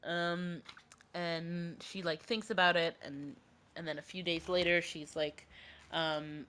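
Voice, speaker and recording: A woman's voice: on the low side, flat delivery, slow pace, a bit bright. A woman hosting a podcast, with a cough, casually retelling a myth in a rambling, filler-heavy way. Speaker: podcast host.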